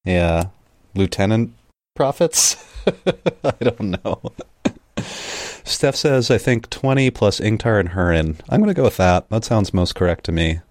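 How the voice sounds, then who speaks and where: A man with a very deep voice talks casually about a book with a co-host, laughing easily and now and then reading passages aloud. The sound is dry and close. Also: animated, measured pace, a little mellow, no room sound. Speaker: podcast co-host.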